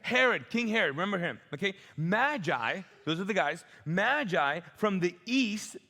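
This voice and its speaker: A man's voice: sits high, sing-song, moderate pace, vocal fry, bright, forceful tone. A middle-aged man from the Middle East, preaching a sermon as a pastor in a church auditorium, conversational and joking, acting out voices. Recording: long hall reverb.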